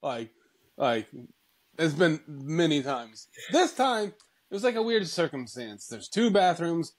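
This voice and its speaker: A man's voice: on the high side, sing-song, measured pace, low-quality recording. A man in his thirties co-hosting a podcast, rambling loosely with lots of fillers and laughing often. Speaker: podcast co-host. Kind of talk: casual chat.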